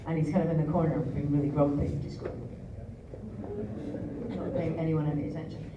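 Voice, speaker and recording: Woman performer, animated live storytelling; distant bootleg with noisy crowd. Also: quick pace, roomy sound, highs cut off. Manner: animated, acts out quotes with big pitch jumps, laughs and swears. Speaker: singer telling a story on stage. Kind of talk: live on-stage storytelling between songs. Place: music venue, live show. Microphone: fan's handheld recorder in the audience. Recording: distant audience recording with crowd noise. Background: crowd murmur and laughter.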